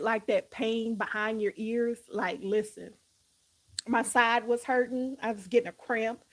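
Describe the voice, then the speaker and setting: A woman's voice: fairly high pitch, low-quality recording. A woman hosting a live stream, chatting casually and animatedly, often breaking into laughter.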